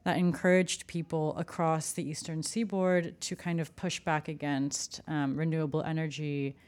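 A woman's voice: low voice, level tone, moderate pace, a little mellow. A woman journalist talking casually in a conversation, full of "like" and "you know". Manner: chatty, frequent "like" and "you know".

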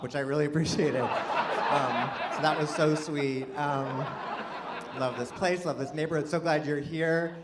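A man's voice: on the high side, steady tone, moderate pace, heavy background noise. A man doing a stand-up comedy set, rambling and self-deprecating with many restarts. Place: live comedy venue with audience laughter. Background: audience laughter.

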